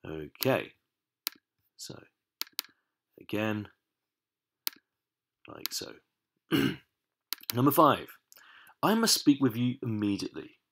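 A man teaching a language lesson over his screen, explaining each step patiently and stressing key words, sometimes muttering to himself while he fixes the software. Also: medium pitch, very animated, slow pace, creaky, long pauses, a little hiss or hum.

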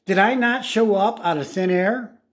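A man reading aloud, voicing a huffy, bossy female fairy godmother in a brisk, indignant way. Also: high voice, natural voice.

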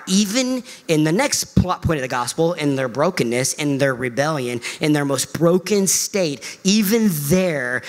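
A middle-aged male pastor preaching a sermon, animated and emphatic. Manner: animated preaching, pitch swings high for emphasis.

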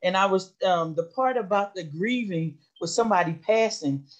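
A woman's voice: medium pitch, expressive, normal speed. A middle-aged woman sharing a personal testimony in an impassioned, storytelling way. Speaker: study session participant.

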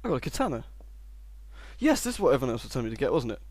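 A young man giving sarcastic gameplay commentary and shouting insults at the game. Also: mid-range voice, sing-song, rapid-fire, no echo. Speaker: let's play host.

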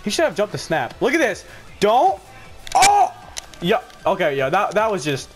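A young man giving excited play-by-play while gaming, jumping between loud shouts and laughter and low muttering. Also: normal speed. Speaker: gaming video host. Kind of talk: excited gameplay commentary. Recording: game music underneath.

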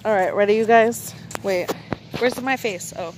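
Her voice sits mid-range and moves at a moderate pace, with background noise audible. The woman is chatting on a live stream from inside a car on a rainy night, phone in hand, excitable and full of jokes, swearing and laughter.

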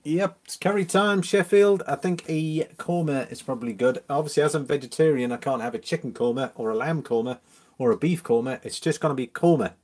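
A man's voice: fairly high pitch, fairly quick, darkish tone. A man hosts a casual live stream from home and reads viewer comments aloud. He is chatty and easygoing, greets regulars by name and chuckles often between messages. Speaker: livestream host.

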